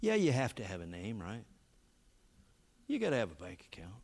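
A man preaching a sermon, telling a story with animated emphasis and halting restarts. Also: on the low side, creaky, slightly rough. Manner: halting restarts and repeated words. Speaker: pastor.

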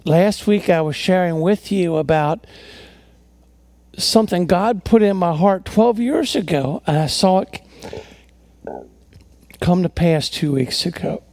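A man's voice: sits high, a little slow, pauses often, darkish tone, no room sound. A man preaching a sermon as a pastor, telling stories earnestly, often restarting and repeating words.

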